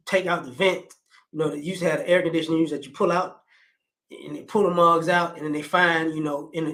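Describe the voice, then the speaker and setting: A man's voice: a little high, a bit bright. A man in his forties talking casually, rambling with frequent restarts and fillers. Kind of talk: casual conversational commentary.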